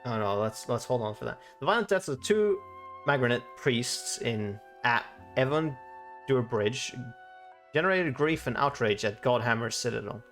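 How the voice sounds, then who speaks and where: A man's voice: medium pitch, normal speed, fairly bright tone, soft background music. A man streaming a video game, chatting casually, swearing often and reading the game's text aloud. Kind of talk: casual live-stream commentary.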